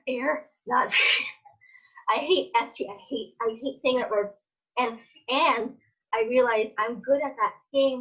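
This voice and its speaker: A woman's voice: on the high side, muffled recording. A woman who stutters, talking emotionally and openly on a video call in a casual meeting. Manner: stutters, rambles, swings between tearful and upbeat. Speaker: attendee. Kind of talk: emotional personal sharing.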